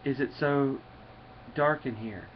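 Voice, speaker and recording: A man's voice: medium pitch, takes it slowly, highs cut off, slight background noise, natural voice. Groggy hungover thunder god, read by a man.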